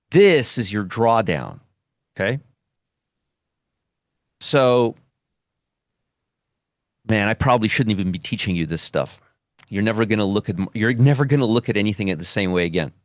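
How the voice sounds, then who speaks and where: Man, trading lesson, lowish voice, emphatic, repeats himself, dry recording. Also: no echo. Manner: emphatic, repeats phrases, ends lines with "okay?". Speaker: trading educator.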